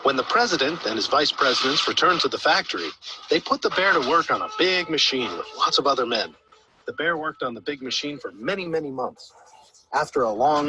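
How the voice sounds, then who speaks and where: A man narrating a children's story in an expressive read-aloud style. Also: fairly high pitch, slight background noise, poor audio.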